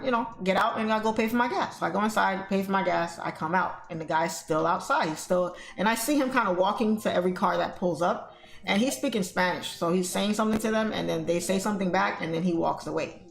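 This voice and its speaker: A woman's voice: mid-range voice, fairly quick, creaky. A woman hosting a trading livestream, chatting casually to her viewers as she tells a story. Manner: chatty, addresses viewers as y'all and guys. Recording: echoey room with faint music.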